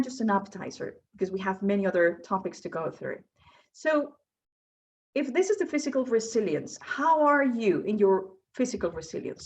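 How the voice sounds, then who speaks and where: Woman coach leading a workshop. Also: on the high side. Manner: asks the audience questions, explanatory. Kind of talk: presenting a workshop talk.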